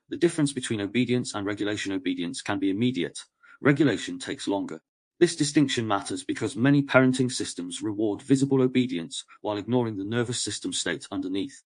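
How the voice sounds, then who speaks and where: A man narrating a nonfiction audiobook in a calm, measured, even voice. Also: mid-range voice, no room sound.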